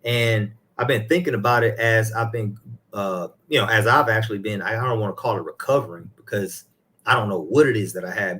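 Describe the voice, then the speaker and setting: A man's voice: fairly low pitch, brisk, sharp tone. A man, an elder of a ministry, talking casually about faith and his own life, rambling and putting in a hallelujah now and then.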